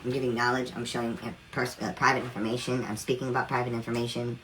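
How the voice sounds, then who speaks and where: A man's voice: mid-range voice, little pitch movement, fast talker, pushed and bright, a little hiss or hum, low-quality recording. A man in his thirties, a singer, ranting on a livestream in a defiant, demanding way. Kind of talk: livestream rant.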